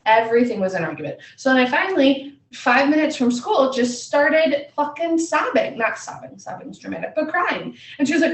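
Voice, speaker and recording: A woman's voice: high voice, sing-song, a little fast, hardly any pauses, echoey room, distant mic. A woman in her thirties co-hosting a casual podcast, a mother talking bluntly and swearing freely as she retells her day with animation. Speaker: podcast co-host. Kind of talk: casual chat.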